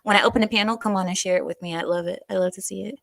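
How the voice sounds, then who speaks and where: A woman hosting a livestream, chatting casually and reading out viewer comments in an animated, talkative way. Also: medium pitch, very fast, vocal fry, dry recording. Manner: chatty, animated, breaks into silly voices and laughs. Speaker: livestream host.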